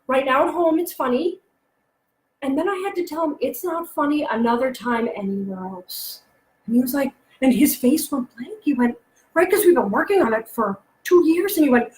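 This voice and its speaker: A chatty woman in her thirties gives a solo talk to parents and keeps acting out her son's silly jokes. Her voice sits high. The room around her is echoey. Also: animated, normal speed. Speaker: presenter on parenting and humor. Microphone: close mic, alone presenting online.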